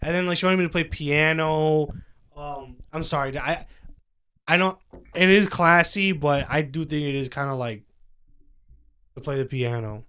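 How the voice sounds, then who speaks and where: A man's voice: a little high, normal speed, long pauses, pushed and bright, smooth. A young man co-hosting a casual podcast chat, rambling with lots of fillers and restarts. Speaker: podcast co-host.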